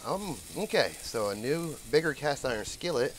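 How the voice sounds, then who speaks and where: A man's voice: mid-range voice, sing-song, moderate pace, a little hiss or hum. A man hosting his own cooking vlog, chatting enthusiastically and often stumbling over and repeating his words. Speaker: cooking channel host. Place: outdoor griddle cooking station.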